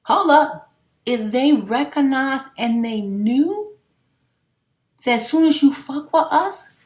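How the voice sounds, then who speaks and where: A middle-aged woman vlogging in a casual, rambling monologue, emphatic and full of swearing. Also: high-pitched. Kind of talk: casual unscripted monologue to camera. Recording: roomy echo.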